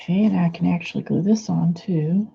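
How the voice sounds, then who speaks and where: A low, husky woman with a gravelly edge talks casually as she crafts, often muttering and dropping into whispers. Her voice is dark and mellow, recorded on a dull, lo-fi track in a home studio. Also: a little fast. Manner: mutters and whispers to herself while working. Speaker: crafting channel host. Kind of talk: casual crafting chat while working.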